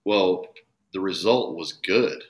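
A man's voice: low voice, slow pace. A man talking earnestly and emphatically on a casual podcast, swearing now and then. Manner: earnest, emphatic, profane at times. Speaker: podcast guest, bowhunter.

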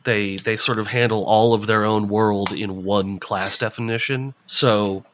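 A man co-hosting a casual tech podcast who talks in a stuffy, monotone sinus voice with a head cold and rambles through restarts. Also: fairly low pitch, measured pace, a little hiss or hum. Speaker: podcast co-host.

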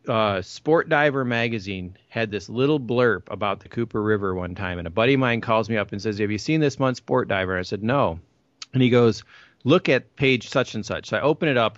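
A man hosting a casual online chat, telling rambling, animated anecdotes with frequent restarts. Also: fairly low pitch, no room sound. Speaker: podcast host. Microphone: call over the internet. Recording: muffled lo-fi online call.

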